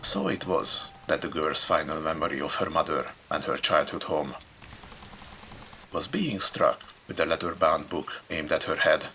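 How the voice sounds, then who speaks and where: A man's voice: very deep voice, moderate pace, pushed and bright, a little hiss or hum. A man hosting a let's play, reading a story game aloud with dramatic narration and dry asides. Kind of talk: reading a visual novel aloud with commentary.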